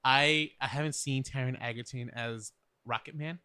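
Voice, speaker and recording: A man with a mid-range voice co-hosting a relaxed podcast. He talks in an animated, joking way, leaning on filler words as he riffs. The recording is dry and close. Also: mid-range voice, moderate pace, clean tone, dry recording. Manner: animated, playful, frequent fillers like "like". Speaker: podcast co-host. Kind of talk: casual podcast chat.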